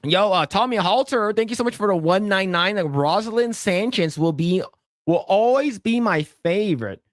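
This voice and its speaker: A man's voice: high-pitched, expressive, moderate pace, no room sound, clean studio sound. A man hosting a casual livestream podcast, rambling, repeating words and thanking donors. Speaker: podcast host.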